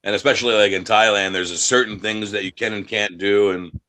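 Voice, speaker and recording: A man's voice: on the low side, fairly even intonation, a little fast, bright, forceful tone. A man from the United States, an independent wrestler, talking in a casual interview, brash and profane, acting out other people's voices in his stories.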